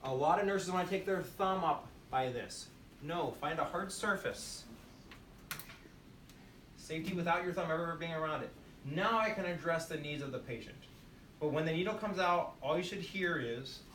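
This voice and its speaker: A nursing instructor speaks at normal speed with a fairly bright voice, somewhat high for a man, during a classroom demonstration lecture. Emphatic, he repeats key phrases drill-style and fires questions at the class. The distant mic captures an echoey room and faint background noise.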